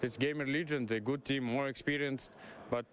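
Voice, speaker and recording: A man coaching an esports team, answering in halting, simple non-native English, blunt and direct. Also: mid-range voice, fairly even intonation. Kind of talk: interview answers.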